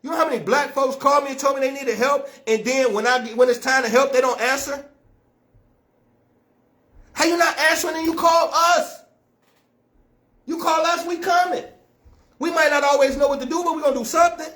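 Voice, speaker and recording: A man's voice: very high-pitched, fairly quick, long pauses, sharp tone. A man delivering a blunt, profane, scolding monologue as an activist speaker. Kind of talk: impassioned monologue to camera.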